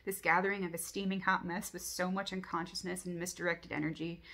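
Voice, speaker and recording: A woman's voice: lowish voice, level tone, a little fast, pushed and bright. A woman recounting a dream from her journal, blunt and candid with frequent swearing, intense and reflective.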